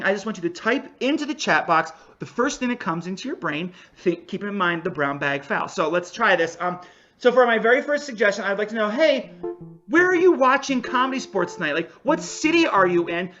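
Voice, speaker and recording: Playful improv ref, bright forceful voice, video-call sound from home. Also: mid-range voice, lo-fi sound. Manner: jokey, energetic, playful asides. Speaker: referee and host of an improv show. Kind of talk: lively comedic hosting. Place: home, virtual show. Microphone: home video call mic.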